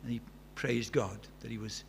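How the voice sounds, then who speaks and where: With a creaky mid-range voice and fairly even intonation, a man in his sixties delivers a sermon at normal speed. He's earnest, tells stories along the way, and climbs to fervent emphasis. Slight hiss or hum is audible.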